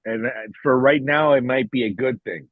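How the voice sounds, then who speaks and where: Profane ranting man, husky voice. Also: mid-range voice, normal speed, dry recording. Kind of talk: casual podcast chat. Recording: dull, slightly lo-fi recording.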